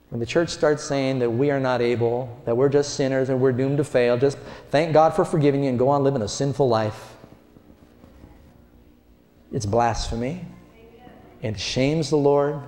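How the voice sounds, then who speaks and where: A male preacher giving an animated sermon, telling the story with acted-out voices and questions to the congregation. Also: mid-range voice. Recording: echoey hall.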